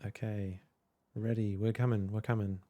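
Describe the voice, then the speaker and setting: This man runs a casual livestream on a desk microphone with headphones, rambling hesitantly to viewers with many fillers. He has a lowish, mellow voice with flat delivery at normal speed, and the recording is dry.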